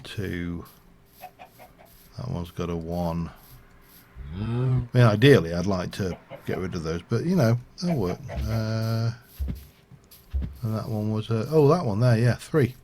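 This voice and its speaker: A man's voice: on the low side, lively intonation, takes it slowly, long pauses, a little mellow, slight background noise. A man streaming a game, rambling and thinking aloud with lots of fillers as he plays. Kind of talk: casual gameplay commentary.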